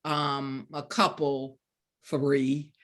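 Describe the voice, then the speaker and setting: A woman in her fifties from the Deep South, telling a story as an author guest, acting out the dialogue and laughing often. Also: little pitch movement, drawn-out words, fairly bright tone. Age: 50s. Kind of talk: storytelling in a virtual book event chat.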